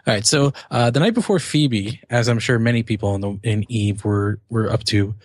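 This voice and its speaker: A man's voice: fairly low pitch, normal speed, dry recording. A man co-hosting a casual gaming podcast, telling a story in a meandering way with frequent self-corrections. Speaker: podcast co-host.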